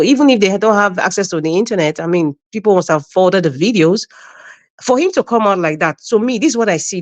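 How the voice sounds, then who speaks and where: A woman giving emphatic political commentary as a panel guest on a live stream. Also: on the low side. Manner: emphatic, animated, mimics others mid-speech.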